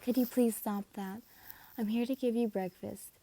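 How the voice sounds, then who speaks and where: A woman voicing a calm, polite young woman painter in an amateur fan story reading. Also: a little high, moderate pace, poor audio. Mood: kind.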